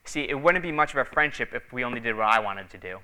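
A man's voice: mid-range voice, expressive, fast, bright, forceful tone, clear, resonant tone. A man preaching a sermon in a conversational, storytelling way, with frequent fillers, acting out the voices of the people in his stories.

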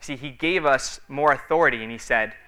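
A man preaching in a relaxed, chatty way, telling stories and filling pauses with little fillers. His voice is very bright and crisp, sitting at an ordinary pitch, and it lifts when he acts out the people in his stories. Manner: conversational storytelling, many fillers. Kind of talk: sermon.

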